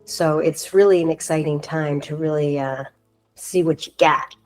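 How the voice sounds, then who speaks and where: A woman's voice: deep voice, fairly even intonation, moderate pace, faint music behind, low-quality recording. A woman speaking at a spiritual workshop in an upbeat, casual, encouraging way.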